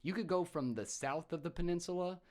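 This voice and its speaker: A man's voice: high-pitched, a little fast. Young New man telling stories. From Massachusetts, USA. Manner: animated storyteller, acts out quoted voices. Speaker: podcast guest, former soldier. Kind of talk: casual storytelling chat.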